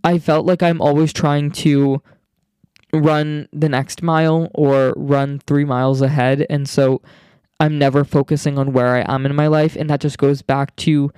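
A young man hosting a casual solo podcast from home, bubbly and excitable, gushing with slang and fillers. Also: fairly high pitch, a little slow, clean tone, no room sound, studio quality. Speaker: podcast host.

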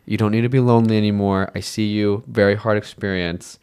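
A man's voice: on the low side, fairly even intonation, a little fast, a little mellow, smooth. A man co-hosting a podcast, talking about films in a casual, earnest and emotional way with lots of fillers. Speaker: podcast co-host. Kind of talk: casual film review chat.

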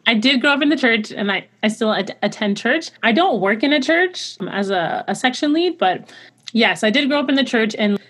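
A woman's voice: on the high side, lively intonation, normal speed, fairly bright tone. Earnest chatty woman opera singer. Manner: chatty and earnest, filler-heavy with frequent "like"; laughs often while talking. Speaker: opera singer, interview guest. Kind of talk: casual interview talk.

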